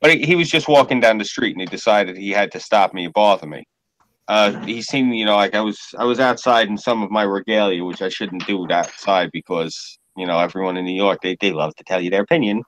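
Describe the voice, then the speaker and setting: A man's voice: lowish voice, a little fast, fairly bright tone, no echo, poor audio. A man in casual podcast chat, telling stories in a blunt, profane way.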